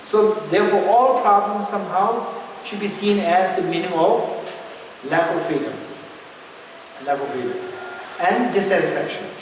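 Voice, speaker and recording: A man's voice: sits high, normal speed, pauses often, far from the mic, slight background noise. A male Buddhist teacher giving an interactive dharma lesson, questioning his audience and repeating key points for emphasis. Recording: echoey hall recorded from afar.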